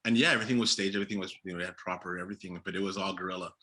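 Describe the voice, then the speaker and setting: Animated, laughing filmmaker man. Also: sits low, racing, husky. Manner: animated, laughing, acts out his own past thoughts. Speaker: filmmaker guest. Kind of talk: casual interview chat. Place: Los Angeles area.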